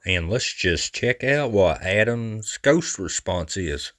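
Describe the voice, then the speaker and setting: A man's voice: fairly low pitch, expressive, slow pace, fairly bright tone. A man hosting a reaction video, giving angry, sarcastic commentary. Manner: exasperated, sarcastic.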